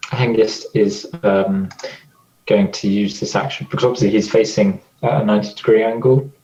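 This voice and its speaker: A man's voice: fairly low pitch, fairly even intonation, normal speed, warm tone. A man playing a tabletop role-playing game who explains his moves carefully and hesitantly. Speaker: player. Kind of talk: casual chat. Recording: dull, distant mic with faint hiss.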